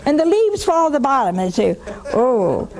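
Older woman, call-in host; emphatic, scolding, higher-pitched. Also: sing-song, brisk. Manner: emphatic, scolding, mocking then hushed. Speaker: host of a religious call-in show. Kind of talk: call-in talk, preaching.

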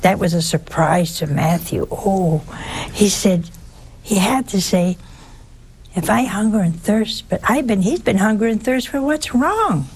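A woman preaching a sermon in a folksy way, full of rhetorical questions and exclamations. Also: mid-range voice.

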